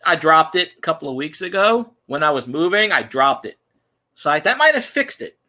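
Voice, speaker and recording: A man's voice: a little high, sing-song, normal speed, sharp tone. A man joking and wisecracking in a casual livestream chat.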